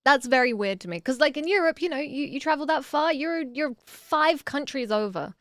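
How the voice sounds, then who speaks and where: A fairly high-voiced woman chats casually on a stream, reading out viewer messages and replying to each. She breaks into excited exclamations now and then. Her voice sits close and dry on a desk mic. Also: moderate pace, no echo. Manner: chatty, reads viewer messages aloud and answers them.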